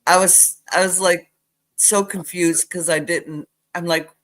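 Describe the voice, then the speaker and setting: An older woman telling childhood stories in a casual chat, animated as she retells them. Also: lowish voice, a little slow. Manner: animated retelling with acted quotes. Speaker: guest.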